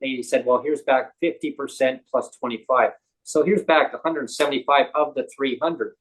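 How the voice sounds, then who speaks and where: A man's voice: mid-range voice, moderate pace, poor audio. A man with a Canadian accent, a guest on a talk show. He tells a personal story in a loose, conversational way. Now and then he acts out what other people said to him. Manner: animated, acts out quoted voices of others.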